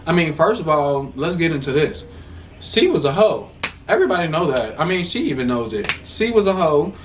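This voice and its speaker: A man's voice: fairly high pitch, big pitch swings, moderate pace, recorded from a distance, slight background noise. A man in his twenties telling a casual storytime vlog from a room at home, blunt, profane and heated as he talks. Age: 20s. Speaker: vlogger.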